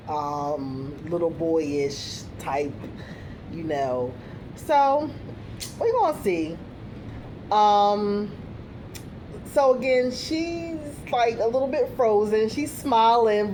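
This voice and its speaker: A woman's voice: mid-range voice, takes it slowly, pauses often, background noise. A young adult woman giving a casual recap review, chatty and full of fillers, with blunt, sassy asides.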